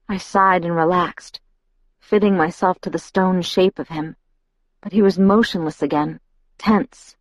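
A woman reading a first-person novel aloud as an audiobook narrator, in an even, steady manner. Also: lowish voice, unhurried, dry recording.

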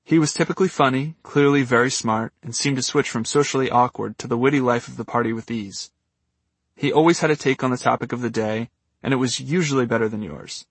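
Husky man with wry audiobook narration. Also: mid-range voice, a little fast, dry recording. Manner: wry, dry humor. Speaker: memoir narrator.

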